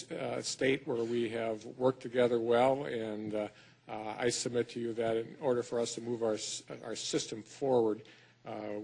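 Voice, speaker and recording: A man's voice: medium pitch, breathy edge. A middle-aged man from Wisconsin with a Wisconsin accent, giving a folksy, self-deprecating conference speech as a state schools superintendent, with many fillers and restarts. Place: lecture hall.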